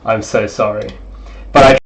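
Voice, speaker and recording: A man's voice: lowish voice, normal speed, poor audio. Chatty young man on a headset mic. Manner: chatty, excitable, apologetic. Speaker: game developer streamer. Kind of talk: casual livestream chat. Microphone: cheap gaming headset mic.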